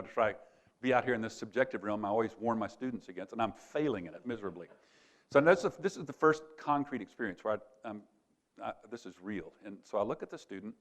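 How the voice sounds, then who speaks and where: Older man telling a story, gravelly. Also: on the low side. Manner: conversational, quoting others in lively voices. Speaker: conference speaker. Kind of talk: sermon-style storytelling.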